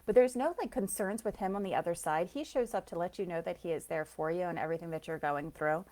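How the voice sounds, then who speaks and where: A woman's voice: fairly low pitch, fast talker, a little mellow. A woman giving a live intuitive card reading to viewers, chatty and effusive, often laughing and gushing as she greets them by name. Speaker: spiritual reader and soul coach.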